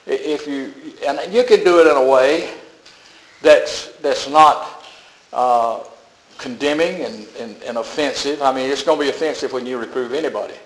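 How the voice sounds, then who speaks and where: A man's voice: medium pitch, normal speed, reverberant, rough recording. An older man preaching a sermon as a pastor, telling folksy stories with chuckles.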